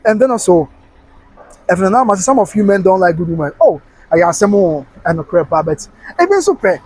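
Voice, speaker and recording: A man's voice: high-pitched, sing-song, normal speed, darkish tone, husky. A man with a Ghanaian accent hosting a live stream, chatting in a casual mix of English and Twi, reading viewer comments and breaking into snatches of song. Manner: chatty, breaks into singing snatches, laughs often.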